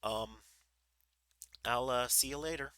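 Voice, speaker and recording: Male livestream storyteller, relaxed read with small restarts, bright and dry. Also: medium pitch, slow, dry recording, poor audio. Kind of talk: reading a children's book aloud.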